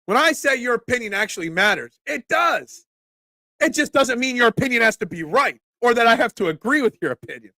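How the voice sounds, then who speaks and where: A man's voice: very high voice, expressive, fast, few pauses, sharp tone, dry recording, clean studio sound. A man in his forties hosting a casual sports talk stream, congested and cracking, rambling as he answers chat comments. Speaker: sports talk show host.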